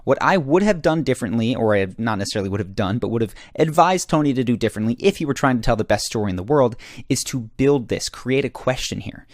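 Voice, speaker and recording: A man's voice: medium pitch, expressive, fast, no echo. Man coaching on storytelling, mid-range voice, dry close sound, explanatory, step by step. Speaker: communication coach. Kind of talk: analytical commentary on a story clip.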